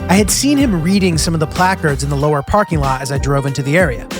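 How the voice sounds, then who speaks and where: A young American man narrates his road trip in a loose, self-mocking voice-over. His voice sits high. Clear background music runs under the narration. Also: expressive, fast talker. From United States. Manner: casual, self-deprecating, filler-heavy. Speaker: travel vlog narrator. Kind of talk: scripted travel narration.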